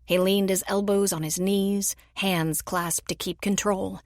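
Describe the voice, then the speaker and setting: A woman narrates a romance audiobook in a measured, even storytelling voice. The pitch sits mid-range for a woman. The recording is dry and close. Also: no room sound. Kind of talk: scripted narration.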